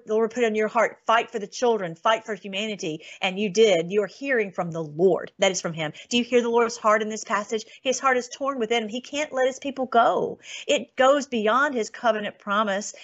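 Excitable female host, mid pitch, reads aloud between chatty asides; muffled lo-fi audio. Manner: excitable, laughs often, many restarts. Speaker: online show host. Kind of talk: casual commentary and scripture reading. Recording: dull lo-fi sound.

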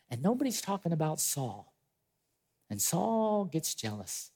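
A male pastor preaching a sermon, retelling a story with lively acted-out voices and chatty asides to his congregation. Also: on the high side, a little slow, slightly rough. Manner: animated storytelling, acting out quoted voices.

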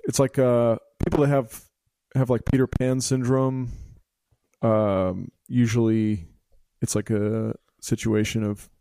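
A man hosting a radio interview, talking in a relaxed, halting way with many "like" and "uh". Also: medium pitch, gravelly, clean tone, dry recording, clean studio sound. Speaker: radio host.

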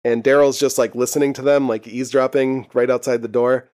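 A young man co-hosts a podcast, giving a casual recap of a TV episode while laughing often and swearing freely. He speaks a little fast in a medium-pitched, slightly mellow voice with a flat delivery.

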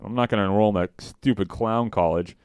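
A man's voice: lowish voice, fairly quick, darkish tone, smooth, dry recording, clean studio sound, close to an everyday voice. A man doing an impression of a bumbling, stubborn cartoon dad, raising his voice in exasperated complaint. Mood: grumbling, exasperated.

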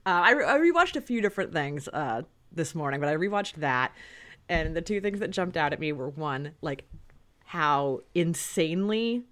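A woman's voice: sits low, animated, moderate pace, fairly bright tone. A woman hosting a podcast in casual chat, talking freely with frequent laughs and fillers. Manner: chatty, laughs often, lots of fillers. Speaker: podcast host.

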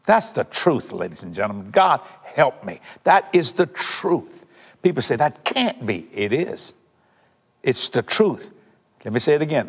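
An older man, preaching and praying on a televised sermon, fervent and emphatic, repeating lines for effect and swinging between loud declarations and hushed, earnest asides. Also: mid-range voice, expressive, normal speed, breathy edge, long reverb tail.

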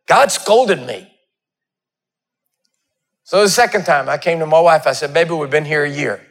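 A preacher delivering a sermon, his voice sitting high for a man. He tells stories and acts out the dialogue, sliding his voice far up and down as he goes. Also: normal speed, long pauses, fairly bright tone. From Texas. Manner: storytelling, acting out dialogue with wide swings in pitch.

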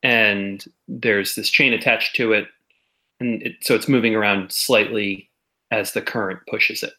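A man narrating as game master of a tabletop role-playing game, describing scenes slowly with small restarts. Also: lowish voice, fairly even intonation, pushed and bright.

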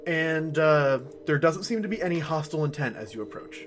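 Chatty, filler-heavy game master. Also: male voice, a little high, animated, over music. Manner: casual and filler-heavy, lots of "uh" and "like", quick to laugh. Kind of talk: improvised tabletop game narration.

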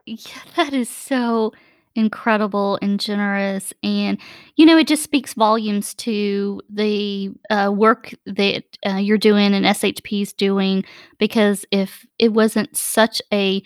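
Lady podcast host, talks real slow, smooth voice, dry close sound. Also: mid-range voice, steady tone, no room sound. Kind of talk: interview conversation.

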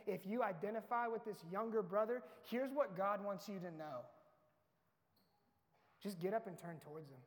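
A man preaching a sermon as the pastor, in an earnest, conversational way that tells the story vividly. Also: sits high. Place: church sanctuary. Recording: long reverb of a large church hall.

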